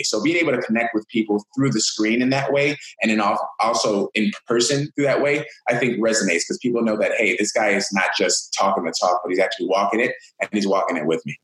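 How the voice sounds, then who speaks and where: A man's voice: fairly low pitch, fairly bright tone, roomy sound, rough recording. A man who works as a fitness coach, giving upbeat, motivational answers in an interview. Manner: upbeat, motivational, talks in long flowing runs. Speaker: fitness coach, podcast guest.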